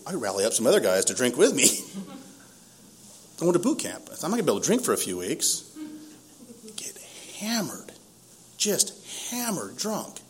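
A man's voice: a little high, wildly swooping pitch, moderate pace, pauses often, slight background noise. A man in his fifties from San Diego, telling his own story in a casual, self-mocking way and laughing often. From San Diego, East County. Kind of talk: casual first-person storytelling.

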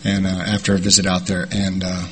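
A middle-aged man sharing a recovery story in a rambling, halting way, with many fillers. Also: low-pitched, monotone, slight background noise. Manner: rambling, halting delivery with repeated "and, uh". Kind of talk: personal storytelling talk.

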